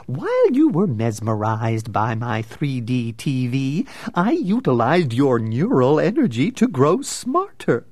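Edward Nigma, a shrieking manic villain. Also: male voice, extremely high pitch, huge pitch swings, slow, a bit bright, no room sound, voice pushed up, full character voice. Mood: gleeful. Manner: cackling, shrieking, theatrical swings. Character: manic gleeful male mad genius villain. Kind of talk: audiobook character voice.

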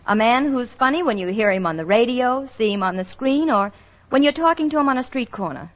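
A woman's voice: fairly high pitch, lively intonation, brisk. A woman hosting a 1940s radio variety show, introducing a guest in a polished, formal manner. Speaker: host. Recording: muffled vintage radio broadcast.

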